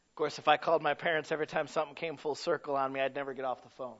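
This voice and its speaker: A middle-aged man preaching a sermon, swinging from loud to hushed. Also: a little high, fairly even intonation, rapid-fire, lo-fi sound. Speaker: pastor.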